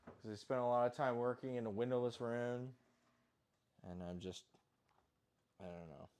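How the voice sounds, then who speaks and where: A man's voice: medium pitch, moderate pace, darkish tone, clean tone. Rambling, swearing man cooking at home. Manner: rambling, self-deprecating, swears casually. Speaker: home cook vlogger. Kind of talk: casual kitchen chat.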